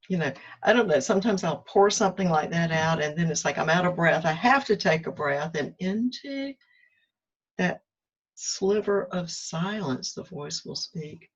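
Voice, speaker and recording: A woman talks through her walking meditation in a musing, conversational way, with drawn-out pauses, recorded outdoors on a walk. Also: fairly low pitch, slightly rough, lo-fi sound. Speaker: meditation vlogger. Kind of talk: reflective spoken vlog.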